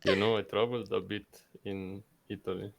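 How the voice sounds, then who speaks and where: A man's voice: on the low side, level tone, a little fast, gravelly, background noise. A man playing a secretive newcomer with a put-on Russian accent in a game role-play, curt and guarded.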